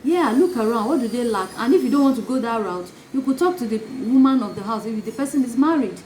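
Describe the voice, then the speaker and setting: A woman's voice: fairly high pitch, fast, hardly any pauses. A woman giving a motivational talk, acting out little scenes of gossip as she teaches. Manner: animated, acts out gossip in asides. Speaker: life coach. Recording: echoey room, faint noise.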